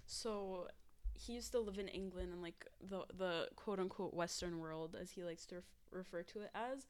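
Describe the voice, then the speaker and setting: A woman's voice: lowish voice, normal speed, a little mellow. A young woman, a guest on a podcast, chatting casually and skeptically, posing questions and leaning on fillers. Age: young adult. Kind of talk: casual chat.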